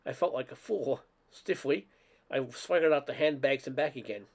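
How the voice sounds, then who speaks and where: A man's voice: mid-range voice, moderate pace. Man reading a funny essay aloud. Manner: amateur read-aloud with occasional stumbles. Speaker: reader.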